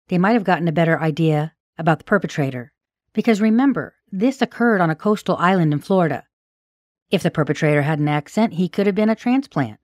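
A middle-aged woman hosting a podcast, reading a scripted true-crime narration in a measured, analytical way and giving her own opinions on the case. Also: sits low, no echo, studio quality. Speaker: podcast host and case researcher.

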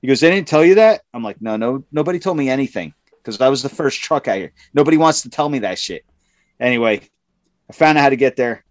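A man with a medium-pitched voice speaks at a quick pace, and the recording has no echo. He tells a profane, animated story about work in a casual chat, acting out the characters and delivering their quotes in raised voices.

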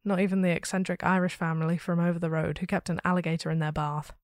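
A woman hosting a story podcast, reading a listener's ghost story aloud with steady, expressive storytelling. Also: lowish voice, quick pace, no room sound, clean studio sound.

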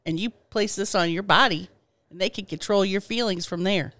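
A woman co-hosting a comedy podcast, tossing out absurd deadpan jokes in casual chat. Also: mid-range voice, normal speed, dry recording, clean studio sound. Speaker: podcast co-host. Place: hot indoor studio room.

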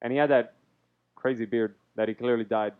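A man's voice: mid-range voice, steady tone, a little fast, clean tone, narrow, tinny audio. A man co-hosting a podcast in casual chat, brash and swearing a lot. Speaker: podcast co-host.

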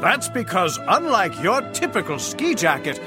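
A man voicing a smooth pitchman in a mock radio commercial, with cheesy announcer delivery over a music bed. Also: wildly swooping pitch, normal speed. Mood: salesy. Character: smooth male ad pitchman selling parka pants.

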